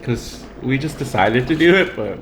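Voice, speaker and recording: A man's voice: mid-range voice, lively intonation, moderate pace. A man co-hosting a home cooking and eating video, chatting casually and telling stories as he eats. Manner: chatty storyteller, acts out own inner thoughts. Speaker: cooking channel co-host. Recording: roomy echo, faint background noise.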